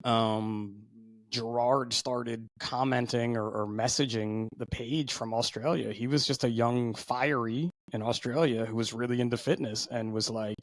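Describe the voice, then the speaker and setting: A man's voice: mid-range voice, fairly even intonation, a little slow, dry recording. Rambling storytelling podcast co-host man. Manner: rambling storyteller, lots of fillers and restarts. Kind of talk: casual podcast chat.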